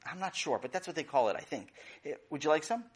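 A man's voice: on the high side, expressive, fast, husky. A man voicing a patient mother coaxing her son to eat, a little unsure of herself.

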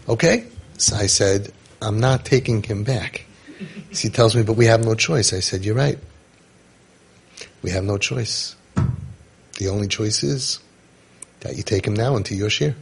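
A man's voice: lowish voice, slightly rough. A man, casually telling a story and acting out the dialogue with lots of restarts. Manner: animated storyteller, acts out dialogue, many restarts. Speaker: parenting guide telling a story.

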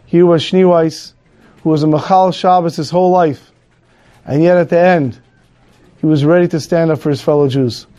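Mellow-voiced man telling a sermon story. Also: fairly high pitch, fairly even intonation, normal speed. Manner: earnest storyteller using Hebrew and Yiddish terms. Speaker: Torah teacher.

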